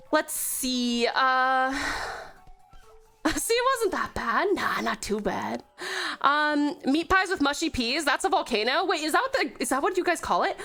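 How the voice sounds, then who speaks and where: A young woman streamer with a high, bright, sharp voice that swoops wildly as she plays. She giggles, chats with viewers and lets out loud curses at every crash. Faint game music runs underneath. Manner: excitable, giggly, swears when losing. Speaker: VTuber streamer. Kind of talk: casual gaming stream commentary.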